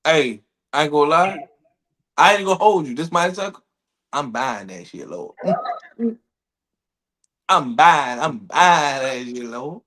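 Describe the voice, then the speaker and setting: A man hosting a podcast, telling stories in loud, profane, laughing banter. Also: fairly high pitch, slow, long pauses. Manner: animated, profane, laughing storyteller. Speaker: podcast host.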